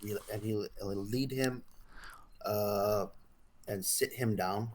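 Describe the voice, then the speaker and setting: A man playing in a tabletop game, speaking quietly and hesitantly, often trailing off. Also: fairly low pitch, steady tone, takes it slowly, a little hiss or hum. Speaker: player. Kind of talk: casual tabletop play.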